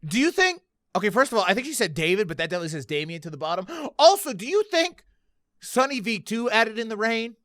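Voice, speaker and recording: A man hosting a reaction video, excitable, profane and rambling as he comments. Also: high-pitched, quick pace, dry recording, clean studio sound.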